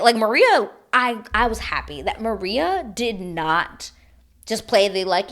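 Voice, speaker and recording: Lively, gushing woman recapping reality TV. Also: mid-range voice, measured pace. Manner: animated, gushing and opinionated, with casual swearing. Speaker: TV recap host. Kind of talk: casual reality-TV recap chat.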